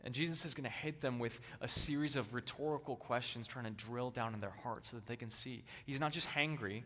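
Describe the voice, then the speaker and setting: A male pastor preaching a sermon, with emphatic stress that swings between loud bursts and hushed, low lines. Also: a little fast. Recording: long hall reverb.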